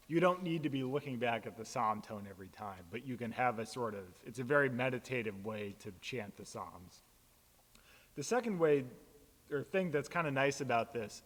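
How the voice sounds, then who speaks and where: A man, a pastor, casually explaining how to chant psalms, relaxed and plain-spoken with frequent fillers. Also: mid-range voice, in a large hall.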